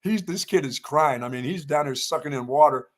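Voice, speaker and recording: Animated older man telling a story. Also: on the high side, fairly quick. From North Carolina. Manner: animated storyteller, raises voice for quoted lines. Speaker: sports show co-host. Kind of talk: casual storytelling chat.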